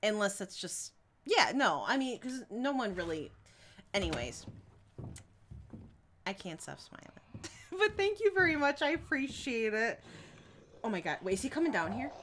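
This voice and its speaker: A woman's voice: fairly high pitch, big pitch swings, normal speed, long pauses, a bit bright, a little hiss or hum. A young adult woman streaming a game, chatting casually with her viewers, giggling often and reading their messages aloud. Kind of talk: casual live-stream chat while gaming.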